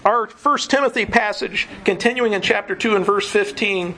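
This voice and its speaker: A man's voice: sits high, moderate pace, bright, forceful tone, slight background noise, poor audio. A man preaching a sermon, earnest teaching that often breaks into a chuckle.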